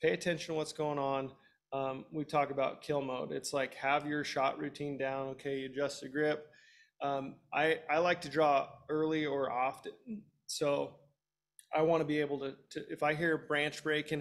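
A man's voice: fairly high pitch, flat delivery, normal speed. A man in his thirties, a hunting guest expert, giving practical, direct advice in an instructional webinar.

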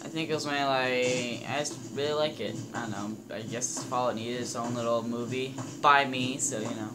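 A young man casually commenting on his game, excitable and swearing, talking to his in-game companions. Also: medium pitch, moderate pace, background noise. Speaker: gameplay commentator. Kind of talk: casual let's-play commentary. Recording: game music loud behind voice.

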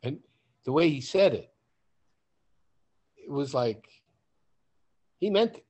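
Male podcast host, storytelling, lively, acts out the dialogue, swears freely. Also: fairly high pitch, slow pace, breathy edge. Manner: animated, acts out quoted dialogue in a raised voice; swears casually.

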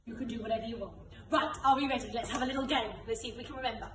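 Young female kids' dance teacher, high and upbeat, shouting commands; distant camera mic, echoey studio. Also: fairly even intonation, rapid-fire, noisy background. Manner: upbeat, calls out game commands loudly. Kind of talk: leading an online children's class. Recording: echoey room, voice from far off.

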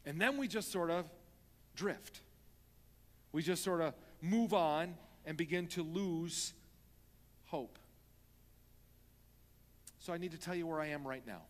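A man preaching a sermon as pastor, moving from hushed talk to loud pleading. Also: fairly high pitch, takes it slowly, pauses often. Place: church sanctuary. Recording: long reverb of a church hall.

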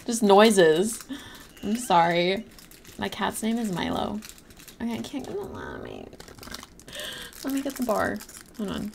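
A woman's voice: medium pitch, huge pitch swings, measured pace, gravelly, pauses often, slight background noise. Chatty young woman streaming a game. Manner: chatty, apologetic, reads and thanks chat. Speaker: livestreaming gamer. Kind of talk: casual livestream chat.

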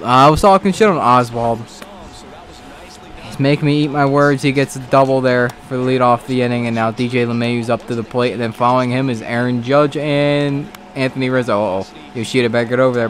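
A man giving casual let's-play commentary on a baseball video game, excitable, swearing and talking back to the game. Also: mid-range voice, brisk. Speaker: gaming commentator.

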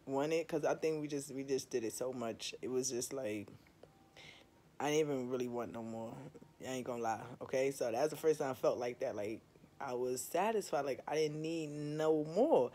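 A woman's voice: rumbling low, normal speed, dark tone. Young woman vlogger: open, emphatic, profane, keeps checking in with the audience. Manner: candid, emphatic, swears freely, keeps asking "you understand?". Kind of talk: casual confessional chat to viewers.

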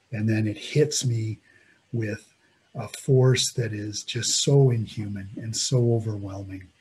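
A low-pitched man tells his own survival story with vivid intensity. He swings between loud, urgent emphasis and quiet, hushed passages. A faint hiss sits under the recording. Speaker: mountaineer telling his story. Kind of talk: dramatic first-person storytelling.

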